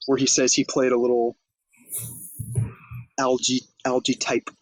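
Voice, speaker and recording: A man's voice: mid-range voice, completely flat delivery, unhurried, slight background noise, low-quality recording. A man co-hosting a podcast, casually recapping a comedy film in a loose, profane way and acting out quoted lines. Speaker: podcast co-host. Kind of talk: casual movie recap chat.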